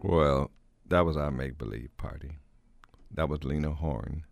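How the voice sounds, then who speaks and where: A man hosting a music radio show in a casual, folksy way, pausing often and thanking his guests and listeners. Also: extremely low pitch, creaky, no echo. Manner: folksy, halting, with repeated thanks and blessings. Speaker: radio host.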